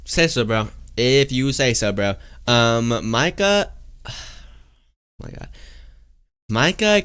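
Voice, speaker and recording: A man's voice: mid-range voice, lively intonation, slow, pauses often, fairly bright tone, clean tone. A young man streaming live, chatting casually and reading out viewer messages, rambling with lots of fillers and calling everyone "guys" and "bro".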